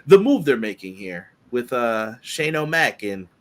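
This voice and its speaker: A man co-hosting a casual wrestling podcast, giving animated, quick opinions with many fillers. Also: medium pitch. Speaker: podcast co-host.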